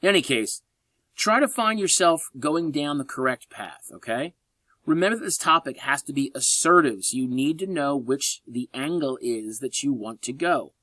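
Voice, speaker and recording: Man, college English instructor, recorded lecture voice-over, animated delivery with wry asides, dry close sound. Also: mid-range voice, normal speed, no echo. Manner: lively, joking asides, sarcastic.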